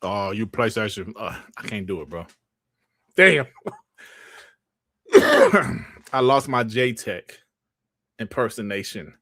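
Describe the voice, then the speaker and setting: A man's voice: on the low side, huge pitch swings, takes it slowly, pauses often, fairly bright tone, no echo. A man hosting a casual livestream chat, rambling in slang and laughing often into a close mic. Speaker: host.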